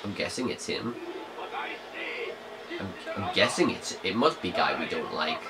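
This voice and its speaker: A man's voice: low-pitched, expressive, unhurried, a crowd in the background, low-quality recording. Playful male gameplay commentator. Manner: jokey, playful, hums and mutters to himself. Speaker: let's play host.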